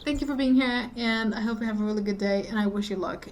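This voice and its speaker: Woman talking to camera, kinda high voice, earnest, repeats stuff, gets loud n urgent sometimes. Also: quick pace, a little hiss or hum. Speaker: vlogger giving advice. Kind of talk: direct-to-camera advice talk.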